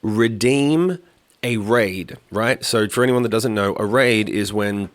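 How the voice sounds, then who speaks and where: Man, podcast host, low voice, dry close sound, rambling casual chat, swears a lot. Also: unhurried, no room sound. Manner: rambling, profane, animated storytelling.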